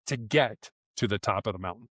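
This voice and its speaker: A man, a former SWAT officer, answering interview questions in an animated storytelling way and acting out quoted lines in voices. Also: lowish voice, a little fast, dry recording, clean studio sound.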